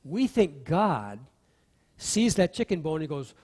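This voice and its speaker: An animated male pastor preaching in a church, his voice sitting a touch high for a man. A long reverb trails each phrase through the hall. He acts out the voices in the stories he tells. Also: slow pace. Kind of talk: sermon. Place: church sanctuary.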